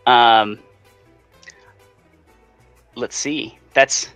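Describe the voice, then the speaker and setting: A man playing a tabletop game, describing his character's actions in a halting, easygoing way. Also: medium pitch, steady tone, a bit bright, clear, resonant tone, soft background music.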